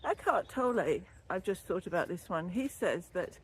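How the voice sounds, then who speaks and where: A woman's voice: lowish voice, animated, normal speed, husky. Breathless older woman chatting while walking. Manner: rambling, chatty, laughs easily. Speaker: wellbeing vlogger and former yoga teacher trainee. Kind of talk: casual walking vlog talk. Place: outdoors walking along a canal. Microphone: built-in camera or phone mic, no separate microphone.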